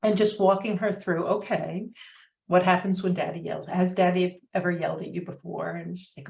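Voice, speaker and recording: Woman in her 50s, lower pitch, earnest reflective interview guest who hesitates often. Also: level tone, normal speed, gravelly, darkish tone. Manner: earnest, reflective, many fillers. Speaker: podcast guest, coach. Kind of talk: candid interview storytelling.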